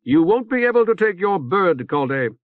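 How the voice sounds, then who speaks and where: A man voicing a severe female general who speaks in a brisk, commanding way. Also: high-pitched, sing-song, no room sound, pitched above the performer's own voice. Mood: brusque. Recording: tinny phone-like band.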